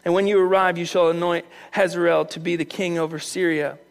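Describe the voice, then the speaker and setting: A male preacher voicing God as a calm, commanding, fatherly deity, speaking slowly and solemnly. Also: a little high, creaky.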